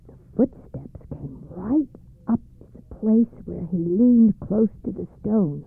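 Gravelly storybook narrator on a thin line. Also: mid-range voice, dry recording. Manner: measured, expressive reading. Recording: dry, phone-like narrow band.

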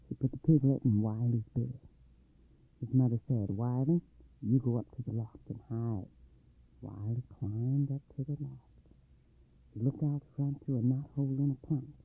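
A man's voice: mid-range voice, breathy edge. A man narrating a folk tale for a radio storytelling program, reading expressively and dramatically. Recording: dry, tinny phone-like sound.

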